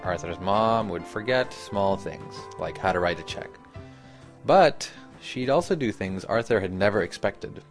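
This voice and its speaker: A man giving measured, reflective scripted narration for a radio story. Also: lowish voice, expressive, faint music behind.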